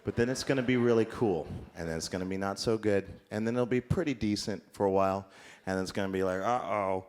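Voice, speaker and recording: A man with a notably deep, low-pitched voice delivers an improvised comedy monologue from a conference stage. He rambles and loops back on his own sentences in a mock-earnest, absurdist way, as if giving sincere advice. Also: fast talker, darkish tone. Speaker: comedic musician performing on stage.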